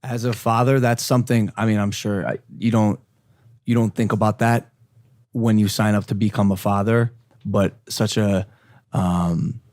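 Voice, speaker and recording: A man's voice: on the low side, fairly even intonation, normal speed, a little mellow, dry recording, studio quality. A man hosting a podcast, giving short supportive responses. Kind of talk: casual chat.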